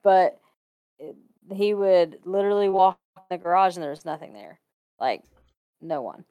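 A woman's voice: lowish voice, normal speed, smooth, dry recording. A woman from Ohio casually telling a spooky personal story, laughing often and acting out the people she quotes. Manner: animated, laughs often, acts out quoted voices. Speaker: guest telling a ghost story.

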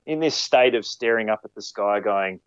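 A man with a lowish voice tells stories from his years on ski patrol. He talks in a halting, conversational way, backing up and restarting his sentences. The sound is dry and a little muffled. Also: clear, resonant tone, no echo. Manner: halting, many fillers and restarts, acts out quoted lines. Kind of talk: conversational storytelling.

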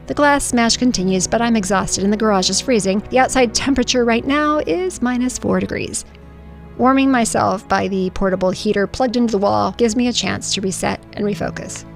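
Brief: middle-aged woman, memoir narration, earnest and emotional, gravelly edge, faint music under. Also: mid-range voice, brisk. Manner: emotional, earnest storytelling with spoken sound effects. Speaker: podcast host reading her own story.

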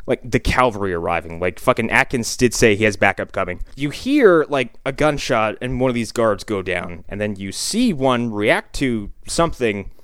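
A man co-hosting a loose film podcast, walking through scenes with wry jokes and casual swearing. His voice is smooth and resonant. The sound is dry and close to the mic. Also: fairly low pitch, expressive, moderate pace, few pauses, a bit bright, no echo. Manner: wry, joking play-by-play with asides. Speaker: podcast co-host.

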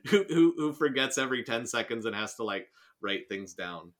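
A man co-hosting a casual podcast chat, animated and sarcastic, laughing and restarting his sentences as he reacts to a story he reads aloud. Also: medium pitch, moderate pace.

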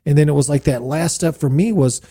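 A middle-aged man hosting a church podcast discussion, animated and playful, firing off rhetorical questions. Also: on the high side, fairly quick. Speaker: host.

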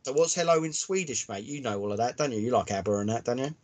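A man's voice: medium pitch, lively intonation, fast talker, a little mellow. A man from the United Kingdom co-hosting a podcast, casually bantering and reading out listener messages, with the odd swear. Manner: banter, swears freely, reads comments aloud. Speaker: podcast co-host.

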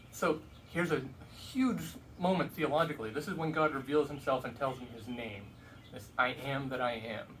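A man's voice: medium pitch, a bit bright. A man telling a Bible story in a casual, conversational way, with humorous asides. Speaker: Bible teacher. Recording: distant mic with faint background noise.

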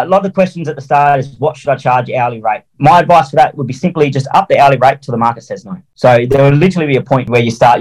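A man's voice: mid-range voice, darkish tone, poor audio. A man telling a work story as an interview guest, blunt and colloquial, swearing freely and acting out little quotes. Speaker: interview guest, mowing franchisee.

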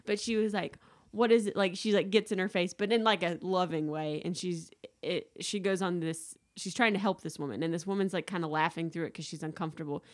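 Chatty woman, rambling and animated. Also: lowish voice, brisk, hardly any pauses. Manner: rambling, filler-heavy, animated storytelling. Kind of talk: casual chat.

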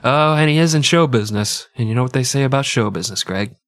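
A man's voice: medium pitch, lively intonation, fast, no echo, studio quality. Nasal man telling crude history jokes. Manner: crude, joking, irreverent. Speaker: podcast co-host. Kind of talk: comic history storytelling.

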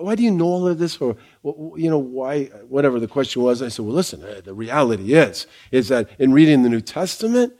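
A man's voice: on the high side, darkish tone. Emphatic male pastor preaching a sermon. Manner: conversational preaching with asides and restarts; emphatic, slows down on key phrases.

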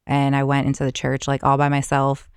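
Woman, podcast guest, chatty storytelling, many fillers, smooth clear voice, dry close sound. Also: a bass voice, monotone, brisk, dry recording. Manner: chatty, heavy filler words. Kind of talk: casual storytelling.

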